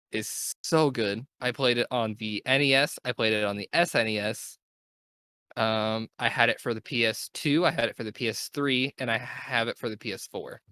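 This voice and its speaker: A man's voice: medium pitch, bright, forceful tone, clear, resonant tone. A young man hosting a casual gaming podcast, talking in an enthusiastic, rambling way and correcting himself as he goes. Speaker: podcast host.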